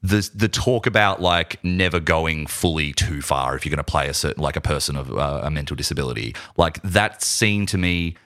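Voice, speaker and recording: A young man co-hosting a podcast, animated and opinionated in a casual movie discussion, laughing often. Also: very deep voice, normal speed, few pauses, dry recording, clean studio sound. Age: young adult. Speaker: podcast co-host.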